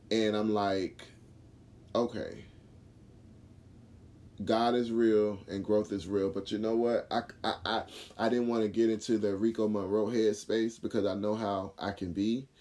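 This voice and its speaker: A man hosting his own talk show, casually retelling a personal run-in with lively acted quotes and fillers. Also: fairly low pitch. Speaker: podcast host. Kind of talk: casual storytelling monologue.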